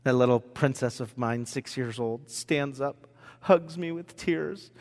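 A man preaching a sermon in a church hall, his voice carrying a long reverb. He tells stories animatedly, jumping from loud bursts to quiet, hushed lines. His pitch sits in an ordinary middle range. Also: a little slow. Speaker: pastor.

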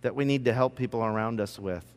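A man's voice: mid-range voice, fast talker, in a large hall. A man telling humorous stories to students in a conversational, self-deprecating way, with joking asides. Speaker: speaker addressing students. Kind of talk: humorous storytelling talk.

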